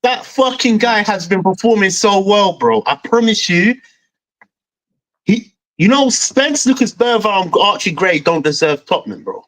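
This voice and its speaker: A man's voice: sits high, expressive, normal speed, a bit bright, low-quality recording. A young man hosts a football fan stream and rants angrily, swearing and saying "bro" again and again. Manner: angry, swearing, repeats "bro". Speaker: fan show host. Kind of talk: heated football fan rant.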